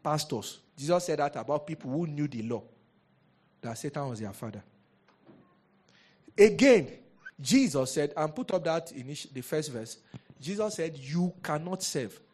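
A man preaching a sermon as a pastor, lively and rhetorical, often asking the congregation questions. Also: a little high, normal speed, pauses often, slightly rough.

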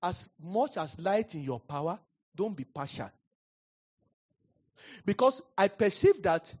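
A Nigerian-accented male pastor preaching with a lively, swooping delivery and a slightly husky edge. He tells his stories animatedly and laughs often. The recording sounds dull and lo-fi. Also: on the high side. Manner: animated storyteller, laughs often, acts out quotes. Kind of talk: sermon with storytelling.

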